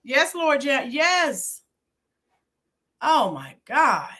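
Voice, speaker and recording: Extremely slow and full of long pauses, this high, very animated voice sounds pushed and bright. She's a middle-aged YouTube host and teacher chatting live with her viewers, reminiscing and replying to each by name.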